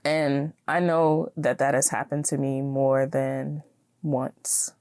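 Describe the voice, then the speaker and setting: A woman's voice: a bass voice, little pitch movement, slow, darkish tone, no echo, studio quality. A woman hosting her own podcast, talking casually and encouragingly, laughing now and then. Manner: chatty, encouraging, laughs often. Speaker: podcast host. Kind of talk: casual solo podcast talk.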